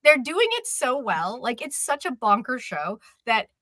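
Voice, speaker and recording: A woman co-hosting a casual chat about dramas, talking in an animated, gushing way with quick asides. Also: a little high, dry recording. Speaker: co-host.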